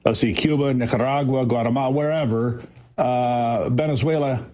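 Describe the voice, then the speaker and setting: A man's voice: mid-range voice, fairly even intonation, normal speed, mellow. A middle-aged man giving emphatic, folksy political commentary on a morning show, with frequent restarts. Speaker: guest commentator. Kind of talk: opinionated morning-show talk.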